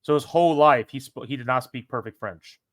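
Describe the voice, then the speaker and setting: A man's voice: mid-range voice, fairly quick, no room sound, studio quality. A young man co-hosting a casual history podcast, a former teacher who rambles with many restarts and self-corrections. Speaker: podcast co-host.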